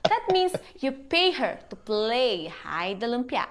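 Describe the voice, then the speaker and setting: A woman's voice: fairly high pitch, sing-song, measured pace. A woman narrating a scripted video clip in a wry, jokey way.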